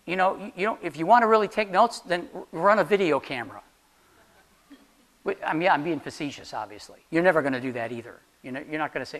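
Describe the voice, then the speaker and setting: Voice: medium pitch, animated, fast talker, a bit bright. An instructor giving a class practical interview advice in a chatty, joking way, often asking the room questions. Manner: jokey, laughs at own jokes. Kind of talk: classroom talk on job interviews.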